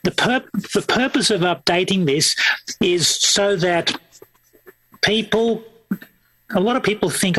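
A man with a high, bright voice leads a hands-on training workshop for a group in front of him. He explains each step plainly and repeats himself, and he often stops and restarts his sentences. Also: slow, pauses often, low-quality recording. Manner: repetitive, plain explanatory delivery with frequent restarts. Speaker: evangelism trainer. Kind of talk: instructional workshop talk.

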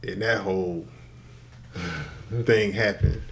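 A man's voice: deep voice, steady tone, slow pace, a little hiss or hum. A man co-hosting a podcast in casual chat, telling stories animatedly, swearing freely and laughing often. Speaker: podcast co-host.

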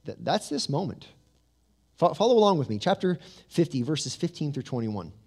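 Animated pastor preaching a sermon. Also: male voice, moderate pace, creaky, breathy edge. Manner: animated storytelling with asides and humor; drops to a soft, low voice for emphasis.

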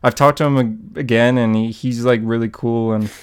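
A man's voice: mid-range voice, fairly even intonation, moderate pace, smooth. A man co-hosting a casual comic book podcast, talking eagerly and rambling with many likes. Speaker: podcast co-host.

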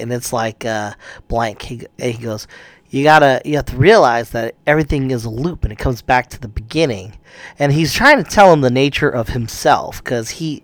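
A man's voice: medium pitch, fairly bright tone, no echo. A man casually retelling a kung fu movie plot, rambling and swearing, acting out the characters' lines. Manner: rambling, profane, acts out quotes.

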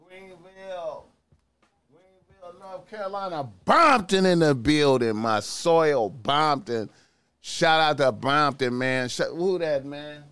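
A man hosting a podcast livestream in a loose, repetitive casual talk, giving shout-outs and preachy streetwise advice, padding his sentences with "man". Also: on the high side, expressive, slow pace, smooth, dry recording. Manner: loose, repetitive delivery with constant "man" fillers. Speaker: podcast host.

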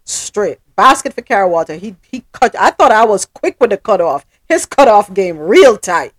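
A woman's voice: mid-range voice, big pitch swings, moderate pace. A woman hosting a casual talk show, venting her frustration, apologizing to her listeners and speaking emphatically. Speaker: podcast host.

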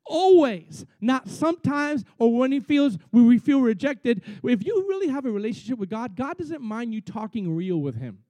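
A man preaching a sermon as pastor, animated, acting out quotes with big swings between loud and soft. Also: extremely high pitch, moderate pace, few pauses, no room sound.

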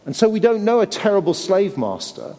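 A man's voice: high voice, big pitch swings, brisk, dark tone. A man preaching a sermon in an earnest way, often repeating words and asking his listeners tag questions. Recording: long hall reverb.

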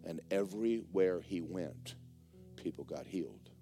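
A man preaching a sermon as the pastor of a church, telling a story in a lively way that swings between hushed and loud. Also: low-pitched, measured pace. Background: faint guitar music.

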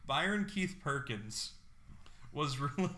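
A man co-hosting a casual comedy podcast with a very bright, forward voice. He walks through grim stories in a joking tone and keeps breaking into laughter. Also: on the high side, animated, slow pace. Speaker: podcast co-host.

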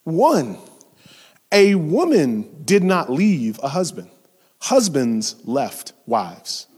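A man preaching a sermon in a lively, conversational way, slipping into playful voiced asides and sudden loud emphasis. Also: fairly high pitch, very slow, husky, long reverb tail.

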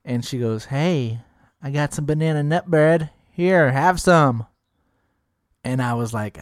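A man's voice: fairly high pitch, a little slow, no echo, studio quality. A man co-hosting a podcast, brash and teasing, swearing freely while he tells stories. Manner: brash, profane, teasing, animated storyteller. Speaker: podcast co-host. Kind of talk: casual podcast banter.

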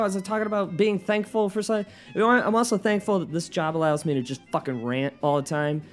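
A man hosting his own podcast from his living room, rambling and swearing, often flaring into yelling. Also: high-pitched, steady tone, fast talker, faint music behind. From United States. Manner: profane, rambling, flares into yelling. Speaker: podcast host and stand-up comedian. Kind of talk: solo podcast rant.

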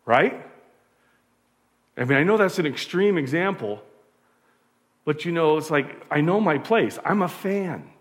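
High-voiced man preaching conversationally. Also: lively intonation, a little slow, long pauses. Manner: conversational preaching with rhetorical questions. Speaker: pastor. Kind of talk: sermon.

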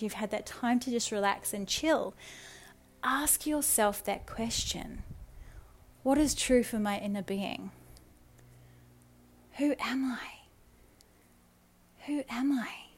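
Soft-spoken, earnest woman podcast host. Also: on the high side. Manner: soft, earnest, coaxing, slowing for affirmations; addresses listener affectionately. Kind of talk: spiritual self-help talk.

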